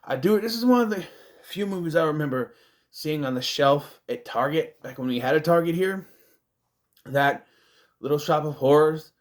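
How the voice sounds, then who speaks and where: A man's voice: a little high, normal speed. A man, casually reviewing a movie in a rambling, chatty way, with self-deprecating asides. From United States.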